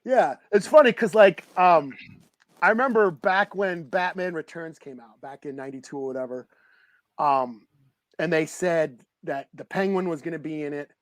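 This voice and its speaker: A man co-hosting a podcast, chatting casually about a movie, rambling, excitable and swearing freely. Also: on the high side, normal speed, dry recording. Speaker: podcast co-host. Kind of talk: casual movie review chat.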